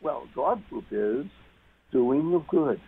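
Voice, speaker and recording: A man's voice: mid-range voice, expressive, takes it slowly, husky. A man talking as a guest on a talk radio show, emphatic and repeating key words for stress. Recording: muffled phone-line radio sound.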